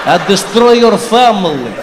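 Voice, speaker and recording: A man putting on a Russian accent to play a slow, threatening Russian tough. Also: sits high, a crowd in the background, background noise, voice pushed up. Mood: menacing. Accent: Russian, put on. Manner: slow, flat, menacing. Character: menacing Russian man, threatening even when kind.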